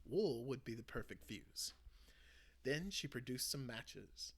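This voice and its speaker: A man hosting his channel, reading a children's book aloud with an expressive delivery. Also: mid-range voice, slow, breathy edge. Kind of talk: storybook read-aloud.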